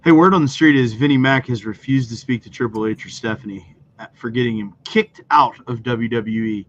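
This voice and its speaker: A man's voice: mid-range voice, brisk. A man co-hosting a wrestling podcast over a video call, casual, teasing and blunt. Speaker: podcast co-host. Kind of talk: casual profane chat. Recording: muffled call audio, faint noise.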